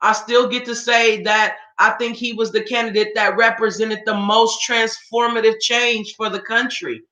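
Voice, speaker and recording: Here a female political commentator rants informally in reaction to something, hammering her points with rhetorical questions. She speaks at a normal speed with fairly even intonation, her slightly high voice sharp in tone, captured on lo-fi audio with a roomy echo.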